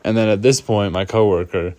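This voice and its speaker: A man with a deep voice tells a personal story in a loose, rambling way, leaning on fillers as he goes. The recording is dry and close, with no room sound. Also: fairly even intonation, a little fast, mellow, no echo. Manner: rambling, full of "like" fillers, laughs often. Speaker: storyteller vlogger. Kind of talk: casual storytime.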